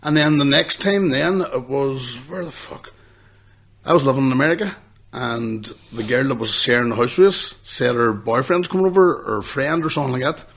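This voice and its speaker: A man, co-hosting a podcast, swearing and telling stories excitedly. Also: medium pitch, normal speed. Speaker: podcast co-host. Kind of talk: casual chat.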